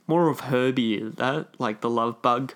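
A man chatting casually on a podcast, his voice sitting at an ordinary middle pitch. He rambles and stalls, filling gaps with "um" and "like" as he works through a thought. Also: a bit bright, clean tone. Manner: rambling, halting with many fillers. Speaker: podcast co-host. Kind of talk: casual chat.

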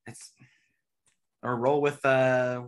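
A man's voice: fairly low pitch, normal speed, fairly bright tone. A man co-hosting a casual sports podcast, chatty and loose, laughing often as he talks. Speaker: podcast co-host.

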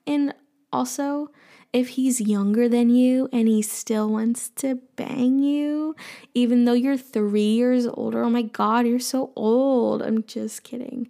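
A woman's voice: fairly high pitch, vocal fry, darkish tone. A woman hosting an advice show, casually answering listener questions in a playful, teasing way with jokey asides. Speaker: advice podcast host.

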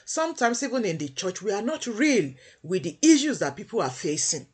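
A woman preaching a devotional sermon, emphatic and repeating phrases for weight, with a husky voice. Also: medium pitch, sing-song, brisk.

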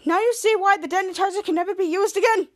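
A woman's voice: very high voice, fast talker, no room sound, clean studio sound, pitched above the performer's own voice. A woman voicing a boastful adult male superhero, in a lightly raised, emphatic tone.

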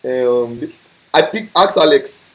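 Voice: medium pitch, expressive, slow pace, fairly bright tone. Emphatic Nigerian preacher. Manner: emphatic, mixes in Nigerian pidgin. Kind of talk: sermon.

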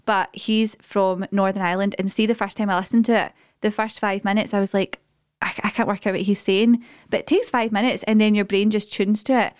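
A woman with a Glaswegian accent chats and tells stories on a podcast. She talks quickly, and the recording sounds dry and close. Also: mid-range voice, fairly even intonation, smooth, no room sound. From Scotland. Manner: chatty, storytelling. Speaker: podcast co-host. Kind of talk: casual chat.

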